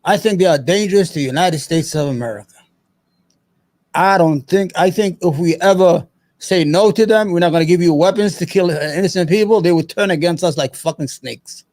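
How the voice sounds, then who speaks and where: A man's voice: high voice, a little fast, a little mellow. A man hosting his own show, giving angry, profane, emphatic political commentary. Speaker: show host.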